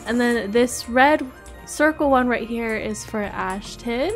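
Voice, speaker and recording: A woman hosting a family game roleplay, giggly and excitable, with squealing laughs and shouts. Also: a little high, slow, soft background music. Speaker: roleplay host playing the mother.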